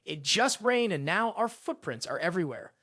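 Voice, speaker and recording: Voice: medium pitch, big pitch swings, moderate pace, a bit bright, dry recording, clean studio sound. A narrator voicing a stern young female police captain who speaks in a brusque, scolding way.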